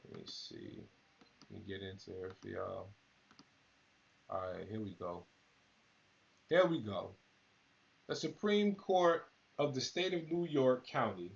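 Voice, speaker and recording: A battle rap channel host speaks in a fairly low, creaky voice while running a live stream. He rambles in a laid-back way, talking straight to his viewers. The highs in the audio are cut off.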